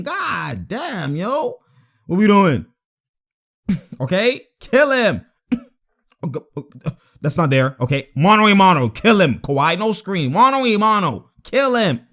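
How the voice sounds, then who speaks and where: A high-pitched man gives a live reaction commentary on game footage, his voice leaping all over the place. He talks casual and slang-heavy, laughs often and shouts at bad calls. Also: measured pace. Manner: excitable, laughing often, yelling at referee calls. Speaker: sports reaction video host.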